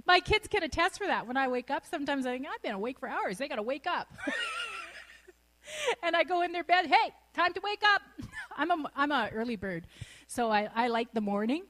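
A woman's voice: sits high, lively intonation, normal speed, long pauses, fairly bright tone. A middle-aged woman preaching a sermon, exuberant and laughing often as she speaks.

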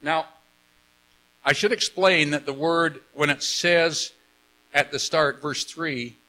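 A man's voice: fairly high pitch, fairly even intonation, slow, bright, forceful tone, low-quality recording. A man preaching a sermon, enthusiastic and emphatic, often repeating words as he explains scripture. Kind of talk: sermon with Bible reading.

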